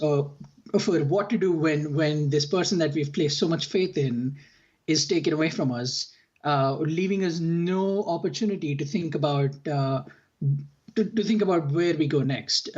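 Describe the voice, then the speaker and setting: A man's voice: fairly high pitch, moderate pace. A man co-hosting a podcast, talking in a reflective, casual way and thinking aloud as he goes. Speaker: podcast co-host. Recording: dull lo-fi mic.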